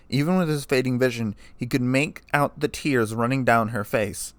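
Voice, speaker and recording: Male narrator, plain steady read, dry close sound, middle pitch. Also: moderate pace, no room sound. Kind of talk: fan fiction reading.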